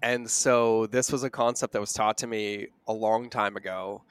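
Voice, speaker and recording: A middle-aged man hosting an interview podcast, talking earnestly and slowing down to stress his points. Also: lowish voice, steady tone, clear, resonant tone, no room sound. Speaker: podcast host. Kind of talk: conversational interview.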